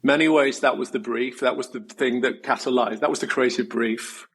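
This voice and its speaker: Husky man telling a personal story. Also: mid-range voice, fairly even intonation, a bit bright, poor audio. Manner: reflective, slow and earnest, swears casually. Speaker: guest, designer. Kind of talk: candid personal storytelling in interview.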